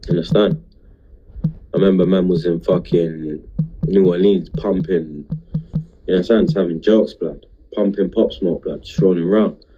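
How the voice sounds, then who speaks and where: A drunk young man hosting a casual livestream rambles emotionally in heavy street slang, his deep, dark voice steady in tone at normal speed. The recording has its highs cut off and a little hiss or hum.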